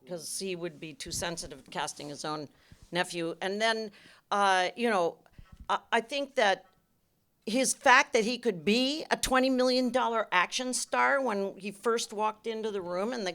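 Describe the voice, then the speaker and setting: Older woman director, stage panel Q&A, emphatic and animated. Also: mid-range voice. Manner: emphatic, animated storytelling with restarts. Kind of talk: panel Q&A answers. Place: cinema auditorium.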